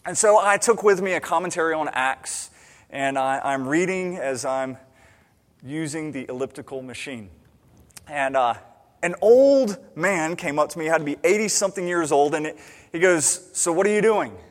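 Brief: high-pitched male pastor, chatty sermon delivery with restarts, long reverb from a church hall. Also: normal speed. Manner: conversational with many restarts and self-corrections.

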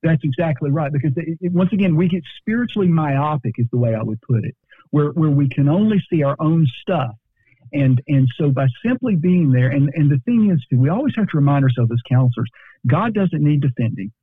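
A man's voice: fairly high pitch, lively intonation, brisk, breathy edge, no echo. A man talking as a guest counselor in a podcast conversation, earnest and repeating words as he gathers his thoughts. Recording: dry, tinny phone-like line.

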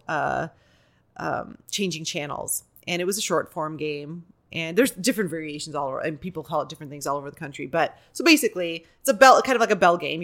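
A woman's voice: on the low side, a bit bright. Chatty woman telling candid stories. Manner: chatty, digressive, many fillers like "like" and "you know"; acts out quoted voices while telling stories. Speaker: podcast guest, actor and improviser. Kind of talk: candid conversational storytelling.

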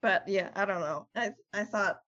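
A woman co-hosting a podcast, chatting casually, relaxed and swearing now and then. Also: medium pitch, normal speed, dull audio. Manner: relaxed, swears casually, short agreeing replies. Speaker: podcast co-host. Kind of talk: casual chat.

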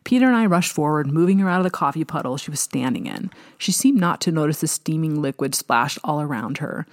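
Low-voiced woman narrating a novel. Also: animated, brisk, no echo, studio quality. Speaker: audiobook narrator. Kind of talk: first-person novel narration.

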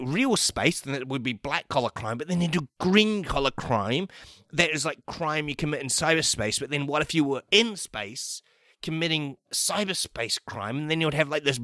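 Excitable, rambling man with a bright voice. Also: fairly high pitch, no room sound. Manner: excitable, rambling, many fillers and restarts. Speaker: podcast host. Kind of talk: rambling comic riff.

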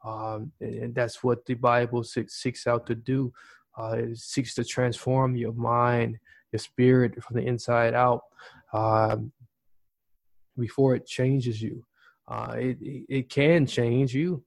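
A male podcast host giving a loose motivational talk in a voice of middling pitch. He rambles, circles back and leans heavily on fillers and repeated words. His voice is close and dry, with no room sound around it. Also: little pitch movement, slow, creaky, no room sound.

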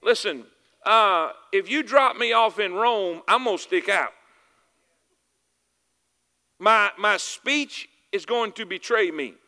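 A man with a Southern US accent preaches a sermon, his voice high and bright, cutting through the room. He keeps asking the congregation for an amen and hammers his points home by repeating them. A long reverb from the hall trails behind every line. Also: lively intonation, takes it slowly, long pauses. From Southern United States. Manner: calls for "amen" and "y'all with me", repeats phrases for emphasis. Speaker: pastor.

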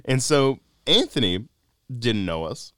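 A young man from the North Carolina mountains hosts a podcast, joking around and spinning stories in a casual chat, quoting voices as he goes. His medium-pitched voice swings widely in pitch, unhurried and a touch bright, with a clean tone. He speaks into a studio mic, and the recording is dry.

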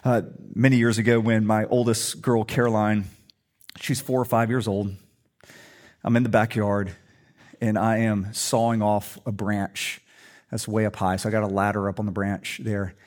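A man's voice: lowish voice, flat delivery, moderate pace, darkish tone. A middle-aged male pastor preaching a sermon in a humorous, conversational storytelling way.

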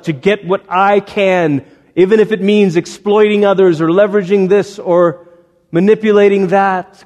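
A man's voice: high-pitched, a little mellow. A male pastor preaching a sermon, dramatic, acting out the voices he quotes. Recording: long hall reverb.

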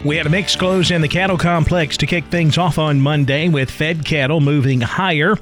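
A man anchoring a farm radio market report, reading prices in a brisk, steady way. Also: on the high side, soft background music.

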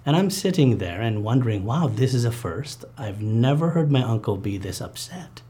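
Earnest man with a dark, husky voice. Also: mid-range voice, sing-song. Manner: earnest, halting storytelling with many fillers and restarts. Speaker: interview guest recounting a childhood memory. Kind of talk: personal testimony interview.

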